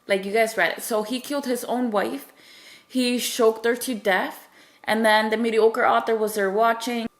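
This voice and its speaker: A woman's voice: on the high side, steady tone, moderate pace. A woman casually recapping a novel's plot for viewers, rambling with lots of fillers and restarts and acting out the characters' lines. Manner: acts out characters' quoted lines. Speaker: book reviewer. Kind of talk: casual spoilery book recap.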